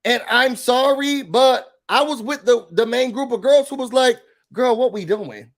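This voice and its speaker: High-voiced sassy man recapping live. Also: moderate pace. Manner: animated, sassy, emphatic opinions. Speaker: YouTube recap host. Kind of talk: casual livestream reality-TV recap.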